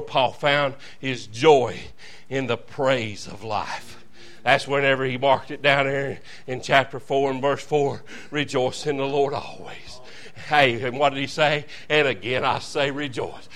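Male preacher, fervent folksy sermon delivery, forceful and ringing. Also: medium pitch. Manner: fervent, folksy, calls to the congregation. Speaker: visiting preacher. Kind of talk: revival sermon.

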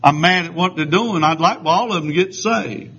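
A man preaching a fiery, emphatic sermon, often pausing for "amen.". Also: fairly high pitch, pushed and bright, slight background noise. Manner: fiery, emphatic, punctuated with amens. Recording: dull lo-fi sound.

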